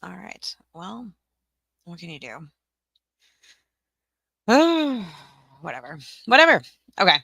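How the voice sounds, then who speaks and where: A woman's voice: low voice, animated, moderate pace, creaky, bright, forceful tone, slightly rough, dry recording. A woman hosting a casual livestream, flustered and apologetic, talking to herself and laughing often. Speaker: livestream host for teaching-resource sellers.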